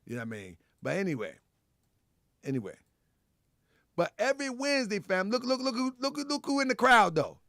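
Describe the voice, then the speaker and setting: Loud animated livestream host, gravelly. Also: male voice, high voice, a little fast, long pauses, no echo, clean studio sound. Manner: loud, laughing, repeats himself, talks to chat and callers.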